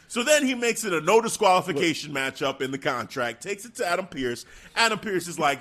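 Animated man recapping wrestling. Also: high-pitched, brisk. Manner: animated, acts out quotes, laughs often. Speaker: podcast co-host. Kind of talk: casual wrestling recap chat.

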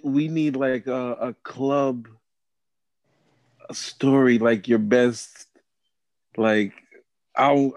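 A man's voice: medium pitch, no echo. A man hosting a casual podcast chat, laughing often and restarting his sentences. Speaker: podcast host.

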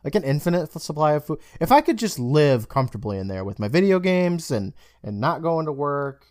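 With a fairly high voice and a fairly quick pace, the young podcast co-host recaps a TV episode in casual conversation. He's an animated storyteller who acts out characters' lines. No echo; studio quality.

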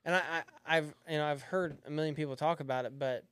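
A man in his thirties, a comedian guest on a podcast, tells rowdy, profane stories and mimics the people in them. His voice sits a little high and sounds smooth and resonant. A close studio mic keeps the sound dry. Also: fairly even intonation, fast talker, fairly bright tone, no room sound. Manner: profane storytelling, acts out quoted voices. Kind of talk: casual podcast chat.

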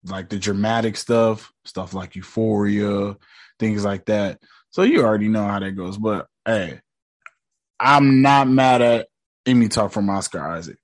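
A man's voice: fairly low pitch, moderate pace. A man casually recapping a TV episode in slangy, joking talk, mockingly quoting the characters. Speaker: show recap host.

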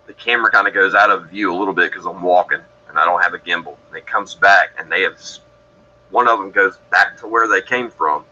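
A man's voice: low voice, a little fast, bright, forceful tone, highs cut off, slight background noise. A man from Georgia in the US, telling his story as a podcast guest in a rambling, matter-of-fact way that keeps correcting itself. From Georgia, USA. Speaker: guest describing encounters.

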